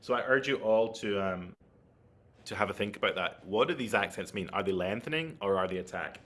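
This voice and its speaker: Bright-voiced man teaching a flute class. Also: fairly low pitch, lively intonation, a little fast. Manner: explanatory, thinking aloud, checks in with listeners. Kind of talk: online masterclass teaching.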